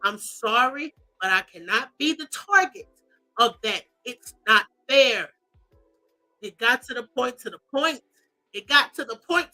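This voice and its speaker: A commentary host with a high, bright voice reads celebrity posts aloud and reacts with plenty of sass, breaking into mock wails and drawled asides. Faint music sits beneath her animated voice on a low-quality recording.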